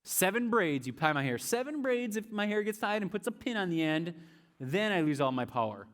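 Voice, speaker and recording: A man's voice: high voice, very animated, brisk, fairly bright tone, pitched above the performer's own voice. A man voicing a strongman hero in his own easygoing, plain-spoken voice. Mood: casual.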